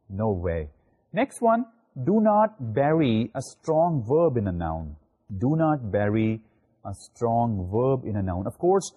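A man lecturing in Pakistani English, explaining at length with many "you know" fillers and phrase endings that drop low. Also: mellow, breathy edge. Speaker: university lecturer. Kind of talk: recorded video lecture.

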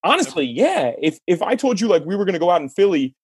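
A man hosting a podcast, telling a sports story in a lively casual way and laughing as he talks. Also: high-pitched, fast talker, breathy edge, no room sound. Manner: animated storyteller, laughs mid-sentence. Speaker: podcast host.

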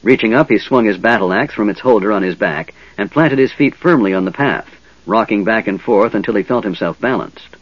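A man narrating a fantasy audiobook in an expressive reading, recorded dull and dry. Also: fairly low pitch, fairly quick, breathy edge, no room sound. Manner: lively, expressive reading with many voices.

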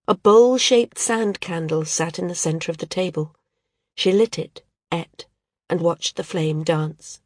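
A woman with a lowish voice reads a novel aloud in calm, measured narration. The recording is dry and close, with no echo. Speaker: audiobook narrator. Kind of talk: scripted narration.

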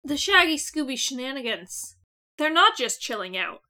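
High, bright, sarcastic woman co-host. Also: sing-song, moderate pace. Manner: dry, sarcastic, swears casually. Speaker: podcast co-host. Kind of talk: casual chat reviewing a cartoon.

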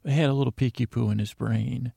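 Gravelly, low-key man as a rambling comic narrator who keeps breaking off into asides. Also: fairly even intonation, fairly quick, warm tone, no room sound, studio quality. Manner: rambling, self-interrupting, chatty asides. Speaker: fictional narrator. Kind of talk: improvised comedic audio-drama narration.

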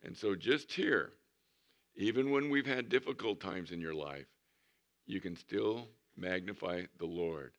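A man's voice: low-pitched, unhurried, a bit bright. A man in his sixties, a pastor preaching a conversational sermon with humorous storytelling in a church. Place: church sanctuary.

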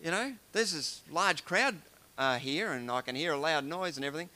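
A man voicing a blind beggar who cries out loudly and pleadingly while retelling a scripture story. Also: a little high, animated, brisk. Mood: anxious. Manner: loud, pleading shouts. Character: desperate blind male beggar calling out.

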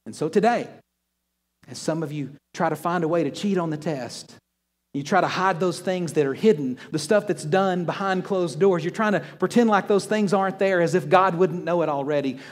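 A pastor with a fairly high voice delivers a storytelling sermon in a large church. He restarts thoughts by repeating words and sinks to a hushed near-whisper to press a point. Long hall reverb trails his words. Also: fairly quick.

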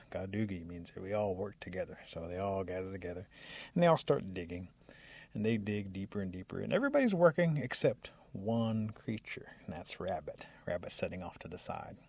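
Gravelly-voiced male storyteller. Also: sits low, a little fast, no echo. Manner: relaxed, lively narration with occasional laughs. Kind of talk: oral folk tale telling.

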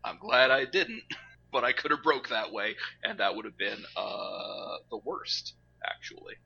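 A man co-hosting a podcast in casual chat, animated and quick to laugh. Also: on the low side, creaky. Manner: animated, laughs often, puts on mocking voices. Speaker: podcast co-host. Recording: slightly dull lo-fi recording with faint background noise.

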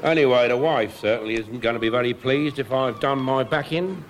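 A man's voice: medium pitch, a little fast, slight background noise, lightly acted. A man doing a whining, aggrieved pier handyman. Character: grumbling male pier handyman. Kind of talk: 1990s radio sitcom acting.

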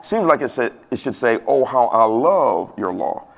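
A man preaching a sermon in a casual, playful way that swells to loud emphasis now and then. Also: mid-range voice, sing-song, normal speed, gravelly. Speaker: pastor.

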